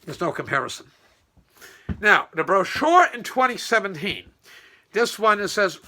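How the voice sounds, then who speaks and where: A man ranting casually about local politics, rambling and scornful, with loud mocking outbursts. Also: high-pitched, very animated, normal speed. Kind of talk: casual political rant to camera.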